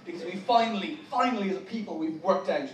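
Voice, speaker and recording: Irish stand-up, high voice, wry rambling delivery, distant mic in a noisy room. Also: male voice, fast, echoey room. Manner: wry, rambling, self-correcting. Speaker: stand-up comedian. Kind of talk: stand-up comedy set. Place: large hotel conference hall.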